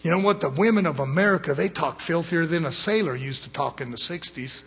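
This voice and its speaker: A middle-aged man preaching a fiery sermon with a husky, somewhat high voice. He talks bluntly and folksily, calling for amens and pushing his points hard. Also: brisk, a bit bright. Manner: folksy, blunt, call-and-response.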